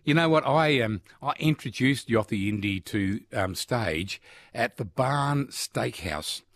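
A man hosting a radio quiz in a relaxed, chatty way. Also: medium pitch, takes it slowly. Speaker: radio host. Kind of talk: casual radio chat.

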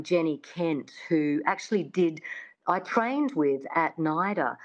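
A woman from Australia with an Australian accent, an accent coach chatting in an interview, talking freely with many restarts and "I mean". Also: lowish voice. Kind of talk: interview chat. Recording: dull lo-fi sound.

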